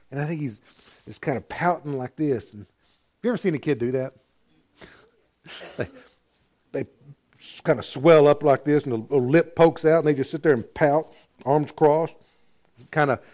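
Male pastor, slightly high voice, lively storyteller preaching a sermon. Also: normal speed, long pauses. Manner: animated storytelling, acting out characters.

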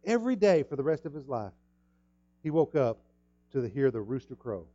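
A man preaching a sermon in an emphatic way, repeating words and jumping up loud at key points. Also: mid-range voice, very animated, brisk, muffled recording. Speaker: pastor.

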